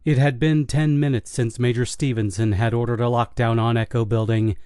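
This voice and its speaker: Brief: male audiobook narrator, dark mellow tone, dry close recording, steady delivery. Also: mid-range voice, smooth, no room sound. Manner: steady, measured storytelling. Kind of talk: scripted horror audiobook narration.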